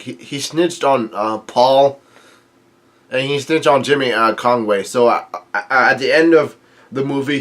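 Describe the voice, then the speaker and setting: Rambling man with constant filler sounds. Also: medium pitch. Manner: chuckles often while talking. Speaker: manga chapter reviewer. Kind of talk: casual chapter read-through commentary.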